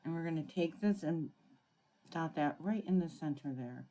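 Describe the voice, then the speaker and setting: A woman's voice: low voice, normal speed, dark tone. A woman running a live crafting tutorial, chatting through each step and greeting viewers by name. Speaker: craft demonstrator.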